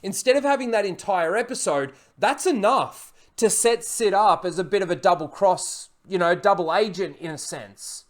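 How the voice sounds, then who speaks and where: A man's voice: sits high, animated, moderate pace, hardly any pauses. A man recapping and reviewing a TV episode in a casual, rambling way, full of fillers and blunt, profane criticism.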